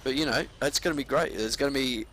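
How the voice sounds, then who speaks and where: A man's voice: medium pitch, fast, a bit bright. A young man casually commentating over his gameplay at home, laid-back with frequent swearing and ranty asides.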